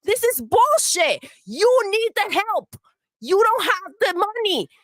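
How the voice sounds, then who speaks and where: Very high-pitched woman ranting scornfully. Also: very animated, takes it slowly, a bit bright, no echo. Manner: scornful, swearing, mocks with put-on voices. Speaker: livestream segment voice. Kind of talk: profane angry rant.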